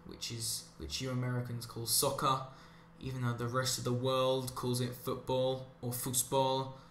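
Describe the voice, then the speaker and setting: A man's voice: mid-range voice, monotone, moderate pace, fairly bright tone, slight background noise. Sarcastic rambling man, roomy echo. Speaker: commentary channel host. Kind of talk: rambling monologue over gameplay. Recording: roomy echo with faint ambience.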